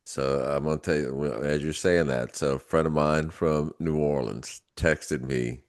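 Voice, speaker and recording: A man co-hosting a casual podcast, telling anecdotes in an animated way. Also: very deep voice, a little slow. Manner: storytelling, animated retelling of anecdotes. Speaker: co-host.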